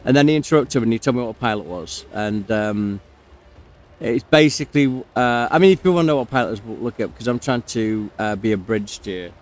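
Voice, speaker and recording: A man talks casually over a game at a middling pitch, spinning a long anecdote. He rambles, leans on fillers, and keeps cutting away to react to his gameplay before picking the story back up. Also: expressive, fairly quick. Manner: rambling, many fillers, breaks off to comment on the game. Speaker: gamer telling a story while playing.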